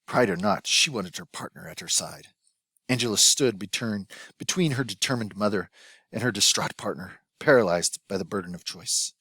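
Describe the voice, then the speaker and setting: A man reading a novel aloud as an audiobook narrator, in a measured, even scripted narration. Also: fairly low pitch, breathy edge, no room sound.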